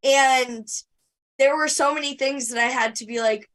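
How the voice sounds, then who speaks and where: A woman's voice: high voice, fairly even intonation, moderate pace, fairly bright tone, far from the mic. A woman podcast co-host chatting casually in an interview, rambling with many fillers and restarts.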